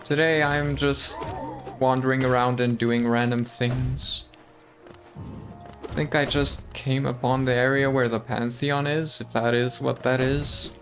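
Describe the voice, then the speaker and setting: Over soft background music, a man talks his stream chat through a game in a casual, chatty way. His medium-pitched voice is a bit bright, his delivery is flat and a little slow, and his American-sounding English accent comes from watching TV.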